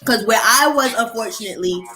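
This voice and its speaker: A young woman telling stories in a casual chat, animated and profane, acting out the voices of people she quotes. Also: on the high side, a little fast, faint music behind. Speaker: host.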